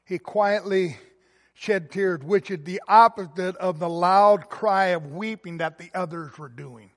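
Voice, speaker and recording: Slow, high-voiced preaching man. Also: in a large hall. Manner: earnest preaching, swelling loud then dropping quiet. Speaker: pastor. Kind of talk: sermon.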